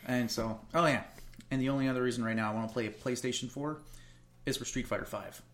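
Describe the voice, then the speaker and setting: A man chatting casually with a friend, quick to get animated. His voice sits at an ordinary middle pitch. When he retells a story he breaks into exaggerated put-on voices. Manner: animated, puts on mocking voices in anecdotes. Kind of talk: casual chat.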